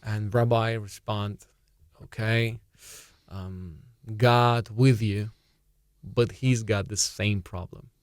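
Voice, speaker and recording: A man from Russia with a Russian accent, a native Russian speaker, calmly telling jokes in halting English on a podcast. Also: lowish voice, dry recording, clean studio sound. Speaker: podcast co-host, comedian. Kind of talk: casual comedic chat.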